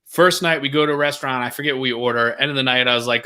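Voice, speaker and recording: Bright-voiced man telling a lively story. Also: medium pitch, very fast. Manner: animated, acts out quotes in funny voices. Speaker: podcast guest. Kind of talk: casual storytelling.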